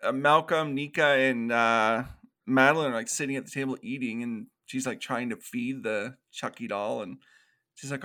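A man co-hosting a casual movie review podcast, animated and profane, acting out scenes in quoted voices. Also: medium pitch, moderate pace. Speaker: podcast co-host.

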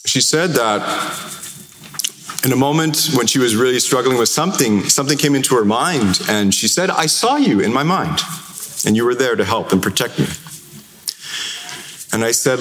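A man with a Canadian accent giving a sermon as a parish priest, telling stories in a conversational way. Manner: conversational storytelling with lively pitch swings. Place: large church. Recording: echoey church hall, faint noise.

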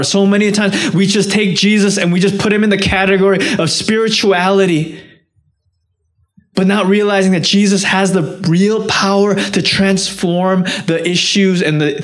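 A man preaching a sermon, earnest and direct, rising to impassioned peaks and dropping low and soft when quoting. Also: normal speed. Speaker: pastor.

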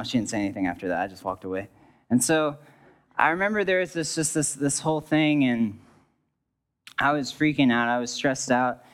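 Young man telling a rambling story. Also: medium pitch. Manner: rambling, restarts, jokes aside to the audience. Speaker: speaker sharing a testimony. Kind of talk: personal story, self-deprecating asides.

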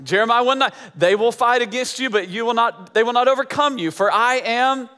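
Male pastor, high voice, emphatic repetitive sermon delivery, hall reverb. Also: brisk, sharp tone. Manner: emphatic, repeating phrases for effect.

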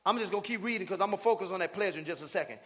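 Male preacher, high and forceful, shouting call-and-response lines, long reverb from the church hall. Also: very fast. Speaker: pastor. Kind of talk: sermon. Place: church sanctuary with congregation.

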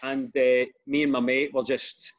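A middle-aged man with a Glaswegian accent, telling stories in a casual chat as a comedian guest, self-deprecating and quick to laugh. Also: medium pitch, flat delivery. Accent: Scottish, Glaswegian.

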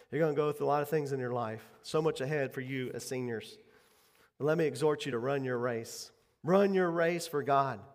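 Fervent pastor preaching in a reverberant church. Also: male voice. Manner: fervent preaching that swells and then drops to a soft, low prayer. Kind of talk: sermon. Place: church sanctuary. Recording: church hall with long reverb.

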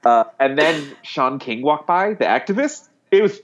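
A man's voice: on the high side, normal speed. Chatty man telling a story, dull recording. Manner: animated, rambling with fillers and acted-out dialogue. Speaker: guest author. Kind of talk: casual storytelling.

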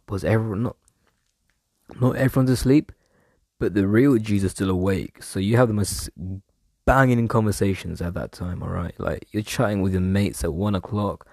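Husky, gravelly young man rambling. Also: lowish voice, a little mellow, no room sound, clean studio sound. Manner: rambling, trails off, self-mocking slang. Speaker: podcast host. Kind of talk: casual rambling monologue. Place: room at home.

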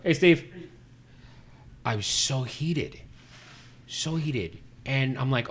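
A man's voice: mid-range voice, animated, slow pace, long pauses, fairly bright tone, slightly rough. A man telling a story in casual chat, ranting with animation and acting out both sides of the exchange. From Puerto Rico.

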